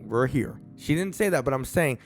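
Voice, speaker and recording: A man vlogger telling a story in a casual, animated way, with big swings in pitch and loudness. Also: moderate pace, soft background music.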